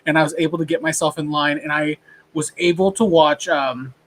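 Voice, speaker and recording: A man's voice: on the high side, fairly even intonation, brisk, a bit bright, slight background noise. A man co-hosting a casual tech podcast, telling a long rambling anecdote in an easygoing chat. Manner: rambling storyteller, mimics others in anecdotes. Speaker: podcast co-host.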